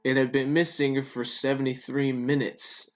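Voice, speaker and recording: A man voicing a calm, helpful AI assistant that reports facts in a dutiful, matter-of-fact way while reading a story game aloud. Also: medium pitch, moderate pace, natural voice.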